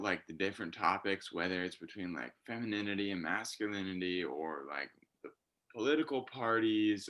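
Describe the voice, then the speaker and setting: A man's voice: mid-range voice, sharp tone. A man who is a rapper, talking as a podcast guest in a rambling way with heavy swearing and fillers. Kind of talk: casual podcast chat.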